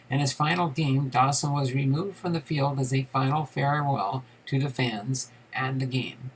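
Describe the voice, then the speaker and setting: A man with a gravelly, mid-pitched voice hosts a live stream. He trades jokes with his chat and reads baseball history aloud in a steady tone. A faint hiss sits under his voice. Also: rough recording. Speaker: host of a live card-collecting stream.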